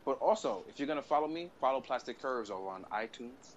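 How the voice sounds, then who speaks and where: A man co-hosting a podcast, teasing his partner in casual banter and laughing loudly. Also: medium pitch, animated, quick pace, muffled recording, slight background noise. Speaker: podcast co-host.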